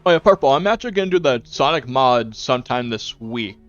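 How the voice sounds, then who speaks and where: A young man rambles to his viewers from a home stream, dropping lots of fillers and quoting his own self-talk. His medium-pitched voice is a little fast, with lively intonation, a fairly bright tone, and no echo. A dull lo-fi mic captures him with faint music.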